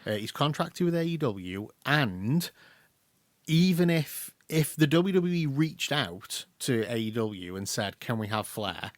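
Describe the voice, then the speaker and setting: A man with an English accent co-hosting a podcast, chatting casually and acting out quotes in quick bursts. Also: medium pitch, very animated, no echo. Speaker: podcast co-host. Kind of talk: casual chat.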